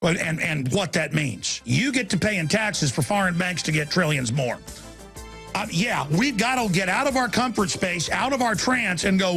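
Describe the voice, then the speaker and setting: Over soft background music, a male talk radio host delivers a fiery rant with lively intonation, yelling insults in bursts. He then speeds through a sales pitch before opening the lines to callers.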